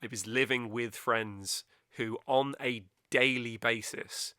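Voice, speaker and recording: A man's voice: mid-range voice, steady tone, slow, bright, forceful tone, clear, resonant tone, no room sound, clean studio sound. A young man from the West Country of England, co-hosting a podcast in casual chat, rambling with lots of fillers and a light West Country accent. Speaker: podcast co-host.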